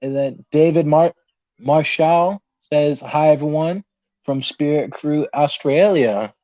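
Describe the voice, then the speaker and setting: A man's voice: on the high side, slow pace, dark tone, dry recording. Nervous young man hosting a podcast. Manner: nervous, laughing, reading viewer comments aloud. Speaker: podcast host. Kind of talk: casual livestream chat. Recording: dull, lo-fi dry sound.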